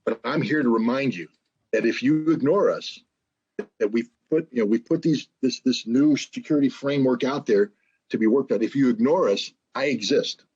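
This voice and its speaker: Husky man on a dull line. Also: medium pitch, moderate pace, a little mellow. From United States. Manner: emphatic, repeats words while thinking. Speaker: interview guest. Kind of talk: animated political commentary.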